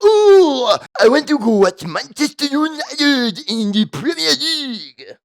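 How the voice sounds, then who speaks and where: A man voicing a stammering male interrogating official in a high, exaggerated put-on voice. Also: sing-song, takes it slowly, full character voice. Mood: mock interrogation.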